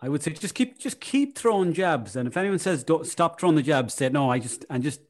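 An Irish man as a podcast guest, rambling in deadpan jokes and casual chat. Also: on the high side, a little fast. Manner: deadpan joking, rambling, apologetic. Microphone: online call.

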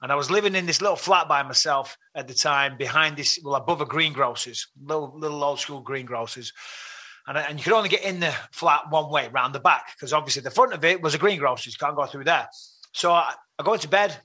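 A man's voice: a little high, a little fast. A man with an English accent, a podcast guest telling a long story in casual chat and acting out his own remarks in a raised voice. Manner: animated, acts out his own quotes with rising voice.

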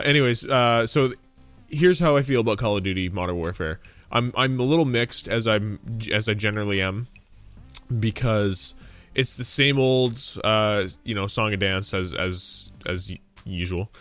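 A man with a lowish voice rambles through a loose gaming podcast chat, dropping swear words and laughing along the way. Faint music hums behind him. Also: fairly bright tone. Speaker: podcast host. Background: faint game audio and music.

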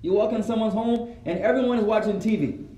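High-voiced man teaching. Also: brisk. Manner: animated, acts out quoted voices, mixes in Arabic phrases. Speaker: Islamic teacher. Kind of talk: religious lesson to a live gathering. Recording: roomy echo.

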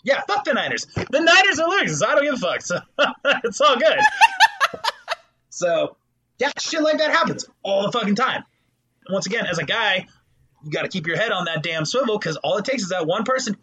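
With a high, husky voice at normal speed, a man co-hosting a podcast tells animated, profanity-laced stories in casual conversation.

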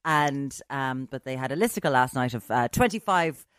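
Woman co-host, low voice that swings a lot, animated and teasing. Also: normal speed, smooth, dry recording, studio quality. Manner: animated, mocking put-on quotes. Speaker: podcast co-host. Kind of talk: casual chat.

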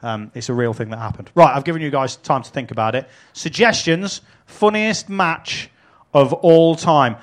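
A man hosting a live podcast, swearing and telling animated stories with laughter. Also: fairly high pitch, moderate pace. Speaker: podcast host and wrestling promoter. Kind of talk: live podcast chat with an audience.

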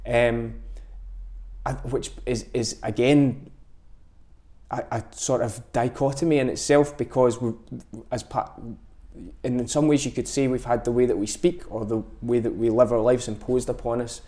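Mellow-voiced Scottish man, thoughtful. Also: medium pitch, little pitch movement, normal speed. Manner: thoughtful, with frequent restarts. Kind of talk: reflective conversation.

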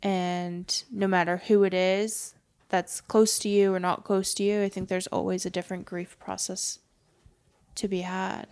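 A young woman speaks softly and hesitantly in a casual podcast conversation, often pausing and restarting her thoughts. Her pitch sits mid-range and barely moves, giving her voice an even, level sound. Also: clear, resonant tone. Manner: soft-spoken, hesitant, many fillers. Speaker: podcast guest.

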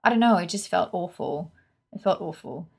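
A woman's voice: fairly low pitch, expressive, moderate pace, creaky, a little mellow, slightly rough. A woman, co-hosting a podcast and giving frank, opinionated film reviews in casual chat. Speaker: podcast co-host.

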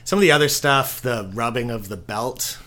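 A man answering interview questions in a casual podcast chat, easygoing and soft-spoken, chuckling now and then. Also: mid-range voice, moderate pace. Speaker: podcast producer guest.

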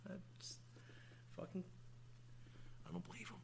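A man with a high voice trades loose, teasing banter on a podcast. He jokes freely and swears often, keeping the talk casual. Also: animated, brisk, a bit bright, slight background noise. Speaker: podcast co-host.

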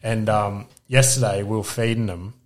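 A young Australian man with a fairly low voice chats casually on a podcast. He swears freely and laughs through animated stories about his family life. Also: moderate pace. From Queensland, Australia. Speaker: podcast co-host. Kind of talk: casual chat.

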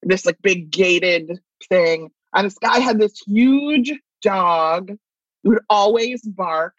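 A woman's voice: mid-range voice, slow, dry recording. Chatty woman on a slightly dull recording. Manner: chatty, laughs often while telling stories. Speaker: guest writer. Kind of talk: casual chat, anecdote telling.

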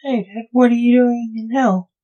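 A woman's voice: a little high, fairly even intonation, moderate pace, highs cut off, pitched above the performer's own voice, natural voice. A woman voicing a sarcastic, teasing young male necromancer bantering with his father. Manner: sarcastic, joking.

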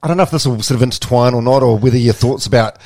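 Man, podcast host, quick speech, relaxed interview chat, short acknowledgements. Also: medium pitch. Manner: brief backchannels, probing questions.

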